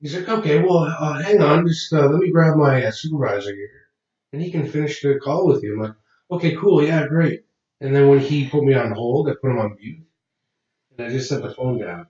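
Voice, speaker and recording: A man's voice: mid-range voice, brisk. Man telling prank-call stories from afar. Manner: animated storyteller, acts out prank calls, swears freely. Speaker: podcast co-host. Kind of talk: casual storytelling chat. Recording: roomy, distant, dull lo-fi sound.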